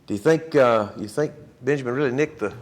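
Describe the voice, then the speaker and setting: A man teaching a Bible class in a church, retelling the story in a lively way and acting out the people's words. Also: medium pitch, fairly quick.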